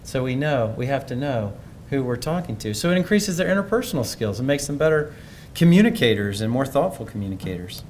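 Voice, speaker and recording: A man's voice: mid-range voice, big pitch swings, fairly quick, hardly any pauses, darkish tone, a little hiss or hum. A man giving a conference presentation in a conversational, thoughtful way, often restarting his sentences. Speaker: speaker.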